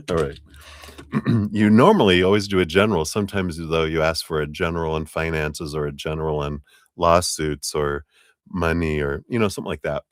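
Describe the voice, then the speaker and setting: A man with a very deep voice takes his time, talking slowly through a live tarot reading. He is chatty and easygoing, chuckling often and clearing his throat. The sound is dry and close. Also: dry recording. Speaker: tarot reader.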